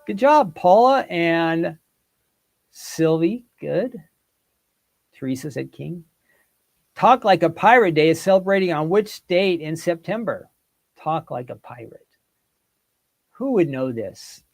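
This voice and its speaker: A man's voice: fairly high pitch, creaky. A man hosting a casual quiz on a livestream, reading out viewers' guesses and chatting with them. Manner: animated, reads out viewer comments and guesses. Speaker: host. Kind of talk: casual quiz with live chat.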